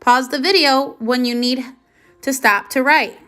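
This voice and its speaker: Woman, first grade teacher on video, high bright voice, patient question-and-answer delivery. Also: measured pace, faint music behind. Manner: patient, asks questions then confirms answers.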